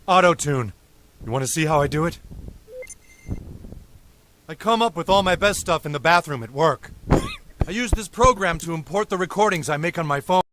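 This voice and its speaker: A silly high-voiced cartoon dad, thinks he's a pop star, faint hiss on the clip. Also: animated, normal speed, long pauses, a bit bright. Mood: proud. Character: goofy middle-aged cartoon dad who fancies himself a pop star. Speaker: cartoon character in a played clip. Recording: faint noisy played clip.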